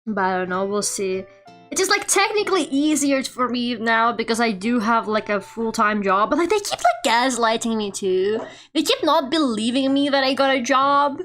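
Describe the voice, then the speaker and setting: A woman's voice: fairly high pitch, normal speed, soft background music. A young woman streamer chatting casually while she draws, telling stories animatedly with lots of laughter and "like". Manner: animated storytelling with frequent laughter and filler "like". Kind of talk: casual live-stream chat while drawing.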